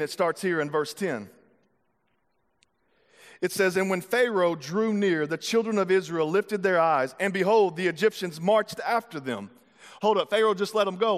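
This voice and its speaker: A man preaching a sermon, retelling a scripture story in a casual, slangy way before moving into teaching. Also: sits high. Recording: long hall reverb.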